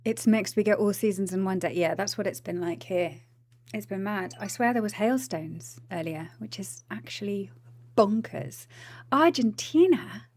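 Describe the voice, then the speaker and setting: A woman's voice: mid-range voice, moderate pace, darkish tone, no echo. A woman chatting casually on a livestream, greeting viewers, giggling, tired after the gym. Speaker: streamer.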